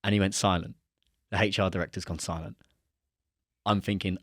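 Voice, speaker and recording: A young man telling a story in a casual chat, animated and acting out the dialogue he quotes. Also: lowish voice, brisk, pauses often, dry recording, clean studio sound. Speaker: podcast guest.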